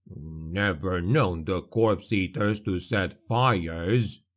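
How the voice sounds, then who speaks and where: A man voicing a gruff, angry male dwarf warrior who snarls his words slowly and low. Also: heavily acted. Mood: growling.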